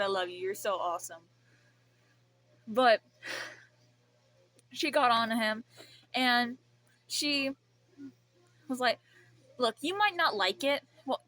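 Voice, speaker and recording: Young woman, bright voice, a bit high, rambling, swearing, emotional vent vlog. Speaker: vlogger.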